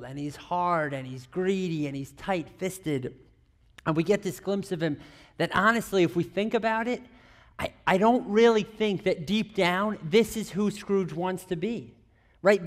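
Male pastor with a high-pitched voice, chatty preaching style with audience questions and teasing humor. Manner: chatty, asks the audience questions, many restarts; playful, teasing asides. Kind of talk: conversational sermon.

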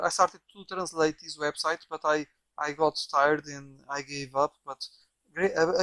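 A software developer from Portugal, whose first language is Portuguese, rambles his way through a casual software demo, restarting and repeating words often. His slightly high voice is a bit bright, recorded without room sound on a poor-quality mic.

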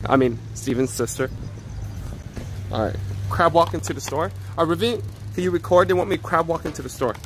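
A man streaming live outdoors on a phone, chatting casually and joking loudly with viewers and family. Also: fairly high pitch, brisk, long pauses, a little hiss or hum. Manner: joking, loud, excitable banter. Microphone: handheld phone.

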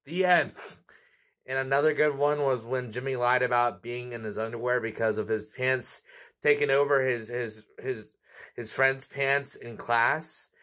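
A man's voice: medium pitch, fairly even intonation, fairly bright tone. A man hosting a cartoon review channel, talking in a chatty, casual way with frequent laughs. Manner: chatty, laughs often, quick asides.

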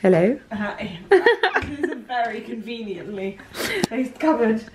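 A woman's voice: a little high, unhurried, a crowd in the background, rough recording. A young woman vlogging in a casual, chatty, giggly way. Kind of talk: casual vlog chat. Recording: loud background noise.

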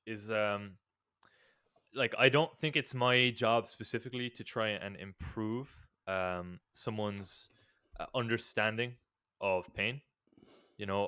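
A man co-hosting a podcast, telling stories hesitantly with many pauses and restarts. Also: lowish voice, sharp tone, clean tone, no room sound, studio quality. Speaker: podcast co-host, strength coach. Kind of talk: casual podcast chat.

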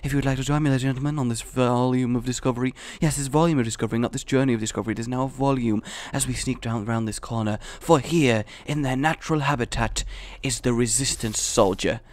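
A man voicing a solemn older male nature-documentary narrator in a slow, hushed, grave manner. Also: medium pitch, fairly even intonation, lightly acted.

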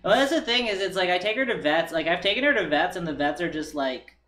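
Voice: mid-range voice, lively intonation, quick pace, fairly bright tone, roomy sound. A stream co-host in casual chat, rambling through a long story with many filler words, talking into a desk microphone.

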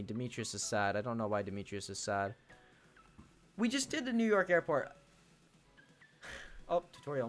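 A man's voice: a little high, a bit bright. Teen boy, casual live-stream chat, talks to viewers, faint music behind. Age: teens. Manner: chatty, greets viewers, thinks aloud. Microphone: desk mic he must face toward.

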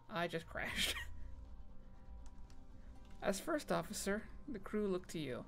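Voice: medium pitch, expressive, a little slow, creaky, pauses often, soft background music. A streamer reading game text aloud on a casual stream, often stumbling over words and making fun of themself.

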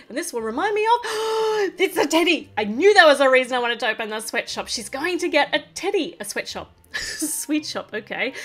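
A woman from Australia hosting a toy unboxing, chatting in a bubbly, giggly way and gushing with excitement over each piece. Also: high-pitched. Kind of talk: casual unboxing chat.

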